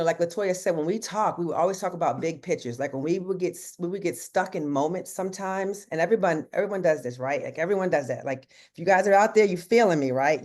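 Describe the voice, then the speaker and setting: A man's voice: fairly high pitch, darkish tone. A man who works as an insurance agent, telling his story in earnest on a team video call, speaking casually with lots of fillers and restarts.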